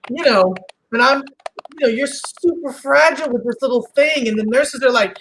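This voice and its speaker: A middle-aged woman with a high voice chats casually and tells animated stories. She acts out other people's lines and laughs often. A steady hiss of noise sits behind her. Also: moderate pace, poor audio. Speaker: host. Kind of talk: casual chat.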